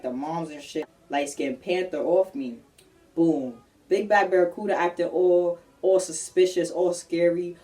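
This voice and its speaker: A young woman telling a personal story in a casual vlog, animated and slangy, acting out what people said. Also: deep voice, distant mic. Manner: animated, slangy, acts out quotes.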